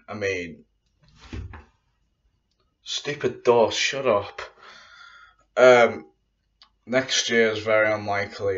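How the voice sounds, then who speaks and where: In a room at home, a YouTuber says goodbye to his viewers in a casual vlog to camera, rambling, circling back and repeating "but yeah, guys." His voice is lowish and a bit bright, recorded with dull lo-fi sound from a distant mic.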